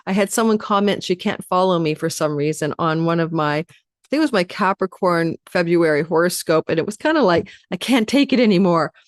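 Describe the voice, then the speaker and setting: Fast-talking woman astrologer, low dry voice. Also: expressive, no echo. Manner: addresses viewers directly. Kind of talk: weekly astrology forecast.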